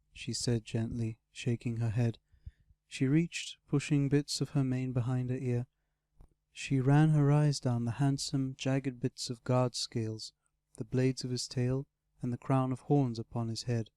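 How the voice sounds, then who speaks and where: A man narrating a fantasy audiobook in a steady, measured storytelling manner. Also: medium pitch, dry recording, studio quality.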